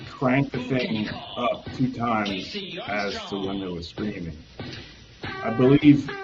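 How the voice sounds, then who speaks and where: A man casually retelling a story from memory, rambling and hedging as he goes, acting out the people in it. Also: lowish voice. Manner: rambling, recounts from memory with hedges. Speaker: host. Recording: dull lo-fi audio with music behind.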